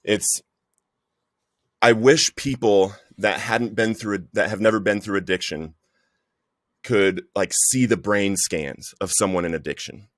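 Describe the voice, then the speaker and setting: A man's voice: on the low side, fairly even intonation, unhurried, no echo, studio quality. A man, a podcast guest, earnestly telling his personal recovery story and often calling the host "bro".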